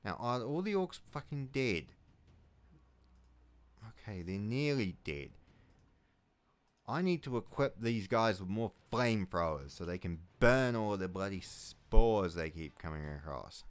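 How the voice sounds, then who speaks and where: Kiwi male gamer, unhurried, clean resonant voice, muttering play-by-play with sweary outbursts. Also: lowish voice, very animated, clean tone. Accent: New Zealand. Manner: mutters to himself, swears loudly when things go wrong. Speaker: video game let's player. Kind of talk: casual gameplay commentary.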